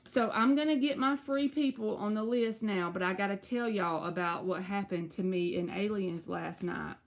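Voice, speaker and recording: A woman, giving tarot readings on a live stream and chatting to her viewers in an animated, storytelling way. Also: medium pitch, normal speed, vocal fry. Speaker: tarot reader.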